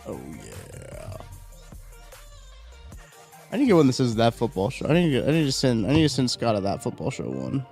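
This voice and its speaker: A man hosts a casual live stream from home, rambling and chatting as he reads viewer comments aloud. His pitch sits in an ordinary middle range, with faint music playing underneath. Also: big pitch swings, very fast, few pauses, a little mellow. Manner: rambling, chatty, reacts to chat, yawning. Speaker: livestream host.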